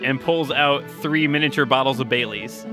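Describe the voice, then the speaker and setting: A man playing a tabletop game with a dry, deadpan humor. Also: mid-range voice, normal speed, over music. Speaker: player. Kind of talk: casual tabletop play.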